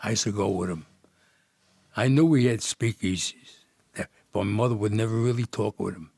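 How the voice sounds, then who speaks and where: This Jersey City, New Jersey native rambles through stories in a casual podcast chat, full of laughs and false starts. His fairly low voice carries vocal fry and a darkish tone at a moderate pace, with no room sound.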